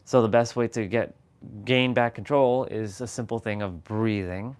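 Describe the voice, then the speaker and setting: A man hosting a casual motivational livestream from home, speaking candidly and a bit low on energy, rambling through restarts. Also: fairly even intonation, normal speed, darkish tone. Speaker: livestream host. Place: at home, downstairs. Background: tuning fork tones.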